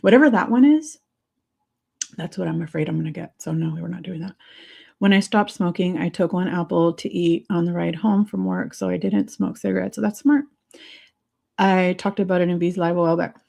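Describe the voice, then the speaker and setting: A woman hosting a casual livestream, chatty and excitable, laughing often as she answers viewer comments. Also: fairly low pitch, fairly quick, creaky. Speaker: livestream host.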